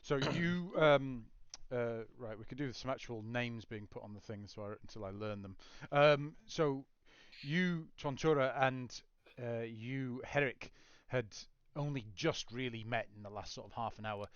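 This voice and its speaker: A man running a tabletop game as game master, his voice smooth and clear, recorded dry and close. He describes scenes in detail, and the audio is slightly dull, like an online call. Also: medium pitch, normal speed, no room sound. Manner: descriptive, scene-setting narration.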